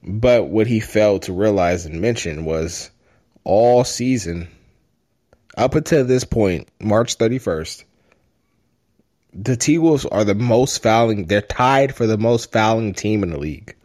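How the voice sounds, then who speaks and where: A man co-hosting a sports podcast in casual chat, animated and joking with frequent laughs. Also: fairly low pitch, measured pace. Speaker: podcast co-host.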